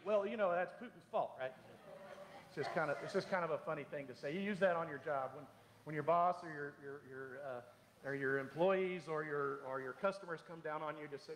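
A middle-aged man preaching a sermon as pastor, animated and humorous, acting out the voices he quotes. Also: fairly high pitch, normal speed, slight background noise. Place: church sanctuary. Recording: echoey hall.

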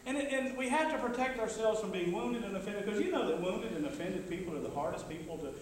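Male pastor, high voice, chatty sermon delivery, recorded from a distance in a reverberant church. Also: fast talker. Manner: conversational preaching with call-and-response asides. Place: church sanctuary. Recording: echoey church hall, mic from afar.

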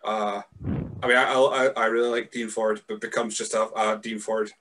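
A man with a light Scottish accent hosting a casual podcast chat over a remote call, self-mocking and quick, with lots of stammered restarts and the odd swear. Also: lowish voice, flat delivery, a bit bright. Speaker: podcast host.

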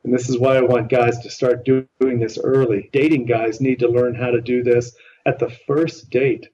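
An earnest, emphatic man coaching listeners through a podcast interview. His voice is mellow and somewhat dark. He sounds distant from the mic on a dull, muffled line with faint background noise. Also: medium pitch, level tone, normal speed. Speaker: relationship coach.

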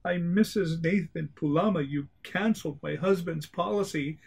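A man voicing a large, furious, grieving widow in a ghost story, with a high, shrill and accusing voice. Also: moderate pace, creaky, a little mellow, husky. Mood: bitter.

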